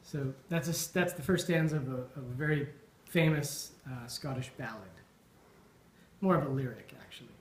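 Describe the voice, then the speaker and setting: A man's voice: mid-range voice, normal speed. A man giving an informal after-dinner toast, thoughtful and full of ums and restarts. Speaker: toast speaker at a Burns supper. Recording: echoey dining hall.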